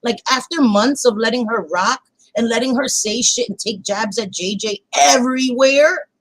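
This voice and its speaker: A woman, chatting on a livestream in a blunt, heated way and cursing freely. Her voice sits a little high and sounds dry and close, with no room around it. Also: moderate pace, dry recording, poor audio. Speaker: channel host. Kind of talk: casual livestream chat.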